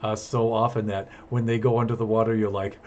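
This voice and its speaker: A man's voice: lowish voice, flat delivery, brisk, a little mellow, dull audio, slight background noise. A man chatting through live gameplay commentary, self-amused and handing out jokey tips. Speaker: streamer.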